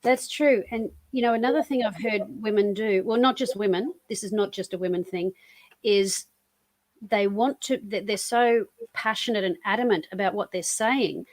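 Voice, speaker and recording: A woman's voice: mid-range voice, moderate pace, no echo. A woman hosting a podcast interview, chatting enthusiastically and rambling through her thoughts. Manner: enthusiastic, rambling, restarts often. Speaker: podcast host. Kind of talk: casual interview chat.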